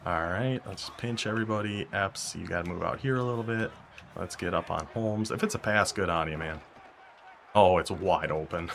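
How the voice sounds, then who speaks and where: A young man commentating his own football video game as he plays, talking to himself and reacting with sudden excitement and frustration. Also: low voice, creaky, slight background noise. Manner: talks to himself while playing, quick bursts of excitement and frustration. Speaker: gaming YouTuber. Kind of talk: live gameplay commentary.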